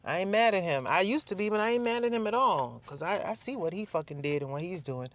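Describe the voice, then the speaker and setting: A woman's voice: lowish voice, expressive, fast. A woman ranting casually on her vlog, profane and mocking, laughing at the people she talks about. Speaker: vlogger.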